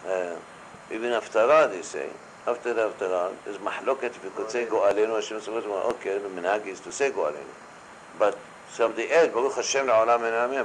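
A man leading a casual religious study discussion, talking haltingly with many fillers and quoting blessings aloud. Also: fairly low pitch, a little hiss or hum, rough recording.

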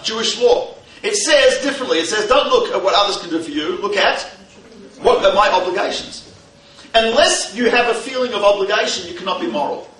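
A man's voice: high-pitched, bright, forceful tone. A man giving a humorous, conversational talk with a story, often putting questions to his audience. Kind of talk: lecture with storytelling. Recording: roomy hall from a distance, faint noise.

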